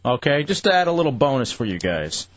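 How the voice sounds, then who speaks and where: A man's voice: medium pitch, big pitch swings, dry recording. A man hosting a radio show, joking and laughing in casual banter. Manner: laughing, quick jokes. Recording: dry, dull lo-fi studio.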